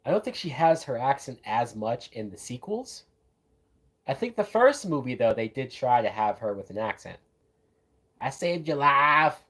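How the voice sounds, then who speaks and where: A man's voice: medium pitch, sing-song, normal speed, darkish tone, slightly rough. A man hosting a live watch-along, giving casual, profane, enthusiastic commentary on a film as it plays. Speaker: movie reaction host.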